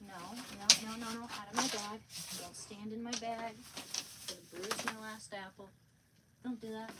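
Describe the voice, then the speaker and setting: Slow-talking woman on a livestream. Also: mid-range voice, heavy background noise. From Oregon. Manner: fond baby talk to her dog, soft and coaxing. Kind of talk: casual livestream chat.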